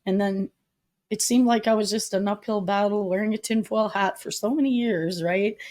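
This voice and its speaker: A woman's voice: mid-range voice, moderate pace, darkish tone. A middle-aged woman, a podcast guest, earnestly telling a personal story and acting out the people she quotes. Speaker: podcast guest, public advocate. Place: retreat venue.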